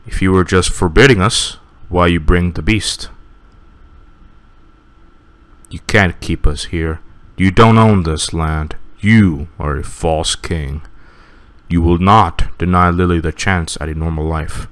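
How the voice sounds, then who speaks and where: Man reading as a low-voiced, stubborn fantasy father, firm delivery. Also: a little slow, fairly bright tone, no echo. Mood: defiant. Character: defiant protective father, adult man.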